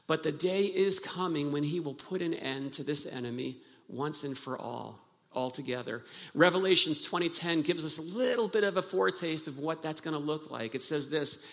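A man's voice: on the high side, normal speed, creaky, fairly bright tone. Earnest preaching man in reverberant church. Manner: earnest, emphatic preaching with repeated restarts. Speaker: pastor. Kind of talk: sermon. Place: church sanctuary. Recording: long hall reverb from a church.

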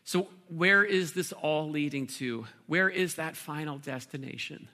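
A man preaching a sermon as pastor, earnest, with pauses and repeated words. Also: fairly high pitch, pushed and bright.

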